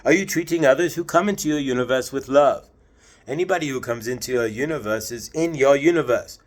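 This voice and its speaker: A man channeling a spiritual message, preachy and questioning, with slow stretches and sudden high swells.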